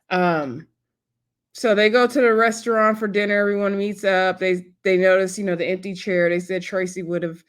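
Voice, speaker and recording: A woman talks through a reality show episode from home in a casual, chatty review. Her delivery is conversational and loose, full of fillers and animated asides. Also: mid-range voice, normal speed, clear, resonant tone.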